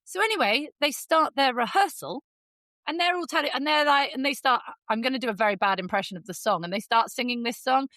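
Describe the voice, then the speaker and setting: A woman with an English accent, co-hosting a podcast and telling a story in casual, lively chat, jumping into high voices for quotes. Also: a little fast, dry recording. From England. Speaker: podcast co-host.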